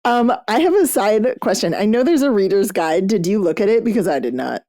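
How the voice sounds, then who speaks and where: A woman's voice: medium pitch, animated, fairly quick, warm tone. A woman hosting a book club podcast, chatting casually in a blunt, profane way. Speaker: podcast host.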